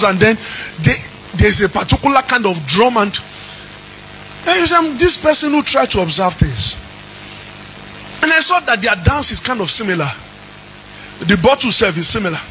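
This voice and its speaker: A man preaching a sermon as pastor, chanting his lines and rising into shouts. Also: high voice, a little hiss or hum, low-quality recording.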